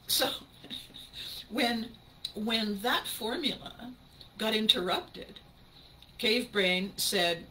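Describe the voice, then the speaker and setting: A woman hosting a podcast, telling a personal story in an animated way and often laughing as she speaks. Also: fairly high pitch, extremely slow, pauses often, a little hiss or hum, poor audio. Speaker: podcast host.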